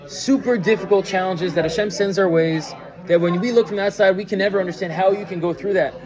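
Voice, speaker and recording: Teaching a loose, chatty Torah lesson full of stories, this man has a fairly high voice and a steady tone, speaking quickly. He restarts often, leans on fillers, and poses questions to the room, with a crowd audible in the background.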